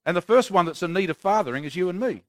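A man's voice: high voice, animated, quick pace, no room sound. A man preaching a sermon in an earnest, conversational way with touches of self-deprecating humour.

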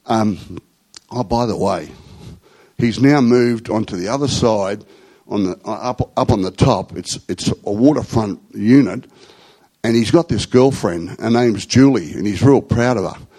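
A man's voice: on the low side, measured pace, dark tone, breathy edge, low-quality recording. A middle-aged man with an Australian accent, telling rambling, slangy stories in a conversational talk to a group.

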